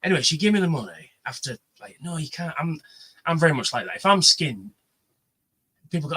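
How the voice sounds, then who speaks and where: A man chats casually and tells stories with lots of energy. His voice is husky, with a forceful, tense edge and a fairly high pitch. He swears easily and plays out everyone he quotes. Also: fast, rough recording. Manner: animated, swears freely, acts out quoted voices. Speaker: livestream panelist. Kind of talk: casual chat, storytelling.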